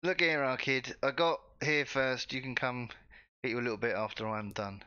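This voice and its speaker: A man's voice: mid-range voice, fairly even intonation, moderate pace, bright, forceful tone, smooth, highs cut off, lightly acted. A man doing a chummy scrap-hunting Scouse drifter. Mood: wheedling. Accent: Liverpool. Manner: matey, wheedling. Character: out-of-work scrap-scavenging Liverpool man, chummy and pushy.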